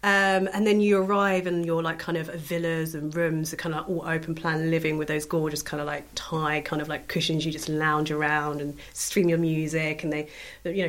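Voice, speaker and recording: A woman in her thirties, her voice sitting a little low, chats through her travel memories with a bubbly, rambling ease. She peppers every sentence with little fillers, sounding relaxed and talkative in a casual podcast conversation. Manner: chatty, bubbly, many fillers. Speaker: podcast guest. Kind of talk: casual storytelling chat.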